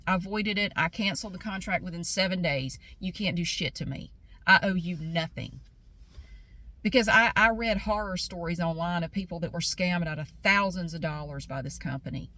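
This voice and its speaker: A woman's voice: lowish voice, fairly quick, few pauses, bright, forceful tone. A woman telling a personal story on her vlog, blunt and indignant, repeating herself for emphasis. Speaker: vlogger.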